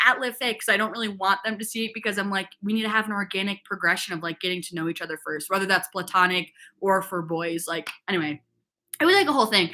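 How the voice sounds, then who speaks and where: A young woman from upstate New York hosts a laid-back fitness livestream, her mid-range voice sharp in tone. She tells a wandering, gossipy story stuffed with "like" and responds to comments in the chat.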